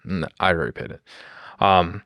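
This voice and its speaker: A man's voice: sits low, moderate pace, gravelly, fairly bright tone, no echo, studio quality. A man in his thirties co-hosting a podcast, talking in a laid-back, wry way and chiming in with jokes. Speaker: podcast co-host. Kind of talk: casual podcast chat.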